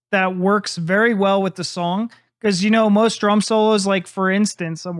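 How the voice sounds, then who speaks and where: A man's voice: high-pitched, no room sound, clean studio sound. A man, a drummer, giving casual and enthusiastic reaction commentary on a live music video. He rambles loosely and admits he is ranting. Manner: loose and talkative, full of fillers like "you know" and "like".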